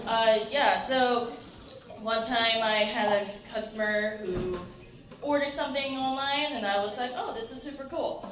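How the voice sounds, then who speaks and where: A young woman doing a stand-up comedy set in a comedy club, chatty and halting with many fillers and laughs. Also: a little high, distant mic. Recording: echoey club room with noise.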